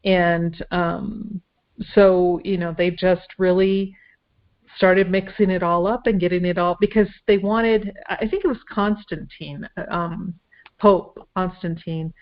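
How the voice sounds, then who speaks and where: A woman from Minnesota talks as a guest, rambling and hesitant, filling pauses with ums. Her voice sits on the low side. The sound is dull and lo-fi. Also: steady tone. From Minnesota, USA. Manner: rambling, hesitant, many fillers. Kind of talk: casual conversation. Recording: dull lo-fi audio.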